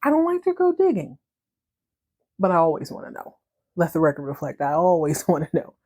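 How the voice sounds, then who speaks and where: A woman hosting a podcast, recapping a story in a chatty, animated way and laughing often. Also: low voice, fairly quick, husky. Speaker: podcast host.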